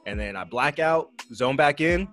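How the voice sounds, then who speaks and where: A man's voice: a little high, normal speed, soft background music. Young man telling a wild party story. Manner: animated, profane, laughing through a party story. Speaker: podcast co-host. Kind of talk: casual storytelling.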